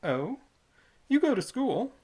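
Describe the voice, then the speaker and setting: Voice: medium pitch, very animated, dark tone, slightly rough, voice pushed up, exaggerated voice. A reader voicing a sly, rustic young male tollkeeper with a folksy drawl. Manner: folksy drawl, slow and drawn-out.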